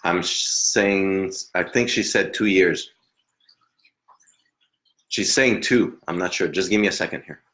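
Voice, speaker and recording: A man working as a psychic medium, giving a live reading in a hesitant, halting way with frequent laughs. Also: sits low, fairly bright tone.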